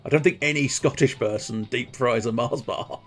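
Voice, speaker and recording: A man rambling through a live game stream with wry asides. His voice is gravelly, with game music playing faintly behind. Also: mid-range voice, moderate pace. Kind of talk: live game playthrough commentary.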